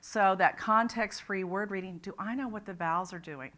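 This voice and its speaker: A woman's voice: mid-range voice, moderate pace, fairly bright tone. A woman presenting a literacy talk at a conference, explaining ideas step by step with frequent restarts. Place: conference room.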